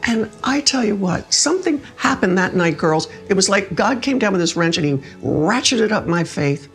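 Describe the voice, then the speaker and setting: An older woman, a guest, telling personal stories in an expressive conversational way and acting out the words she quotes. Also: medium pitch, moderate pace, soft background music. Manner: expressive, acts out quoted speech. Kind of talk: conversational storytelling.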